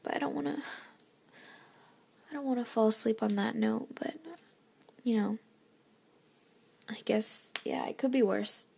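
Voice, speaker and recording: A young woman giving a rambling, halting late-night rant that is often whispered and self-deprecating. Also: fairly high pitch, creaky, mellow, slightly rough. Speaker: vlogger.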